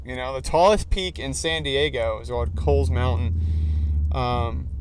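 A young man hosting a podcast, rambling casually and excitably from behind the wheel of a car. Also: medium pitch, normal speed. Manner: rambling, heavy filler "like", excitable. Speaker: podcast host. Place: in a car, driving. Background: faint vehicle noise.

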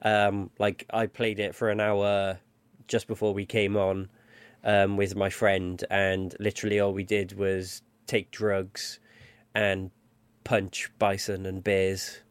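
A man with a fairly low voice chats loosely on a podcast, cracking jokes and wandering through his points with ums. The sound is dry and close, with no room around it. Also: completely flat delivery, slow, clear, resonant tone, dry recording. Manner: joking, rambling with fillers. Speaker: podcast co-host. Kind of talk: casual chat.

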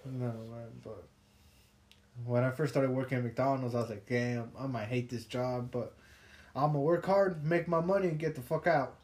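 A man's voice: medium pitch, moderate pace, a little mellow. A young man telling casual, profane work stories on a podcast with a laid-back, laughing manner. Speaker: podcast co-host. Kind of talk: casual storytelling chat.

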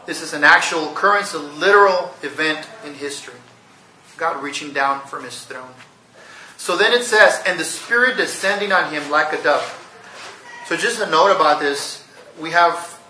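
A man delivers an earnest teaching sermon, often checking in with rhetorical questions. His voice is very bright and sits slightly high. He sounds set back from the mic in a roomy, echoey space. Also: recorded from a distance, a little hiss or hum. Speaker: pastor.

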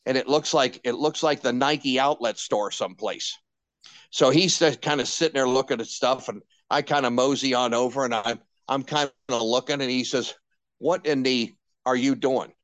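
A man's voice: medium pitch, normal speed, dry recording. An older man and veteran radio personality, telling candid stories in an interview, with many restarts and acted-out quotes. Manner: animated anecdotes with many restarts and quoted dialogue.

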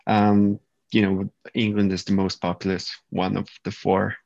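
A man's voice: on the low side, level tone, normal speed, vocal fry, a little mellow, dry recording. A male podcast co-host who asks curious questions and explains things in a casual chat. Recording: dull, dry lo-fi recording.

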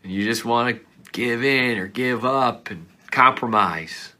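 A male pastor preaching a sermon earnestly, swinging between loud pleading passages and hushed whispers. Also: mid-range voice, measured pace.

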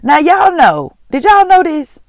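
The host of a faith vlog and podcast gives a casual devotional talk in a high-pitched, unhurried voice with huge pitch swings and no echo. Chatty and often laughing, they speak earnestly and from the heart, frequently moved to tears.

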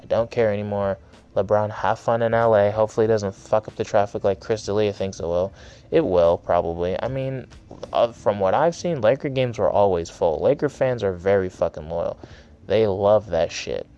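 A man's voice: lowish voice, normal speed, dark tone, smooth, highs cut off. A young man hosting his own podcast, delivering an angry, sarcastic, profanity-heavy solo rant. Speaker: podcast host.

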